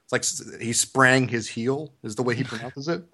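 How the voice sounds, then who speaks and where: A man's voice: medium pitch, normal speed. A young man from the US South with a Southern accent, telling a story on a podcast and acting out the quotes. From Georgia, US South. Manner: animated storyteller, acts out quotes. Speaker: podcast host. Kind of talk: casual podcast chat.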